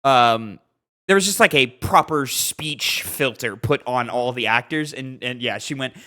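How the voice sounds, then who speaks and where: A young man in his twenties with a bright, forceful tone, chatting on a podcast. He is laid-back and relaxed, laughing and cursing casually mid-sentence. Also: medium pitch, a little slow. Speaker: podcast co-host. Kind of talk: casual chat.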